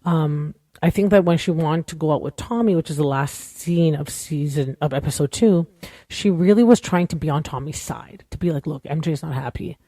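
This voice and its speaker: This podcast host has a deep, warm voice and talks at a moderate pace, recorded dry and with studio quality. She rambles through a casual recap of a show, candid and opinionated, leaning heavily on "like" and "you know."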